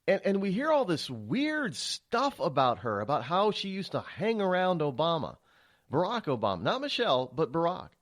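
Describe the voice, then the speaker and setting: Male radio host, solo monologue, rambling and stammery, lively pitch that swings up and down. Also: normal speed. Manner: rambling, with frequent restarts and stammers; animated, emphatic delivery.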